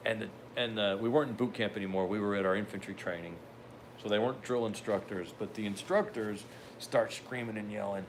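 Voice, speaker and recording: Older male podcast host, lowish voice, loose and rambling anecdotal delivery with dry asides, faint background noise. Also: steady tone, brisk. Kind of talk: casual storytelling.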